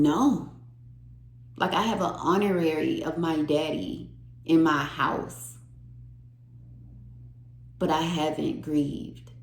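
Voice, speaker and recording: Woman doing a tarot reading, slow and earnest, repeats stuff, kinda echoey room. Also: fairly low pitch, darkish tone. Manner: emotional, earnest, repeats phrases for emphasis. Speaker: tarot reader.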